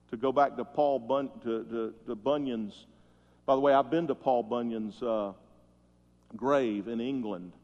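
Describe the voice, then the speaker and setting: A pastor preaching a sermon, telling stories that swell loud and then drop soft. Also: male voice, mid-range voice. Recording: muffled sound with long hall reverb.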